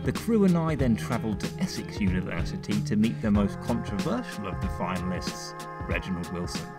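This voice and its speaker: An actor playing a fussy, formal investigative journalist interviewing and narrating in a mockumentary. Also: male voice, fairly low pitch, animated, fairly quick, loud music behind the voice, natural voice. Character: posh prim investigative documentary interviewer. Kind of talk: mockumentary comedy.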